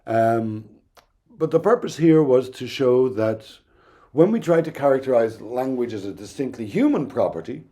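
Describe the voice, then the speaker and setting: A middle-aged man giving a recorded university lecture in an explanatory, thoughtful way, pausing now and then with "um". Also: mid-range voice, animated, dark tone. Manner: explanatory, thoughtful, with occasional ums and restarts.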